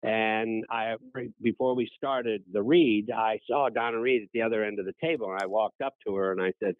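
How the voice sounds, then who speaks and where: A man's voice: fairly low pitch, fairly quick, few pauses, no room sound, poor audio. A man in his eighties, a guest on a radio interview, telling anecdotes in a gracious way. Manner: gracious, anecdotal, animated when quoting others. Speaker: interview guest, former child actor. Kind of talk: storytelling in an interview.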